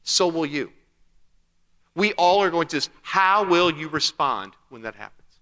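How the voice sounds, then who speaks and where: A man's voice: fairly high pitch, lively intonation, a little slow, sharp tone. A man preaching a sermon as pastor, talking conversationally, asking rhetorical questions and acting out quotes. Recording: long hall reverb.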